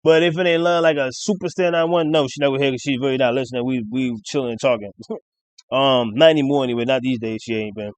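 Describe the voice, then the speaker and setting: A man, rambling casually through a rap battle recap and reciting lines excitedly. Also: quick pace, no room sound. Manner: rambling, excited, quotes bars with rising pitch.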